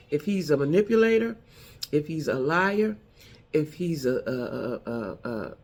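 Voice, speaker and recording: A woman's voice: lowish voice, darkish tone. Middle-aged woman, vlogger-style advice talk, emphatic, repeats herself for weight. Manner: emphatic, repeats key lines for effect. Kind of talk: casual advice monologue.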